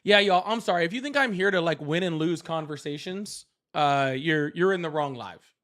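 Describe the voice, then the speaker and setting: A man's voice: on the high side, moderate pace, fairly bright tone. A man hosting a live call-in debate stream, angry, profane and berating.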